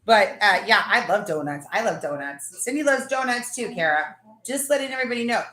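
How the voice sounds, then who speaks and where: Excitable chatty woman, lively pitch. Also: a little fast, echoey room. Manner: excitable, chatty, gushing about food. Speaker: livestream host. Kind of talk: casual live chat.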